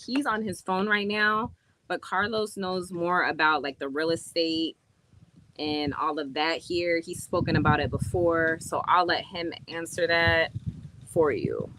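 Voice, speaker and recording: A woman chatting to viewers in a casual live stream while showing a rental villa, talking in a slangy, relaxed way. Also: fairly low pitch. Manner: chatty, addresses viewers, drops into slangy speech. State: out of breath from climbing stairs. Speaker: vlogger touring a rental villa.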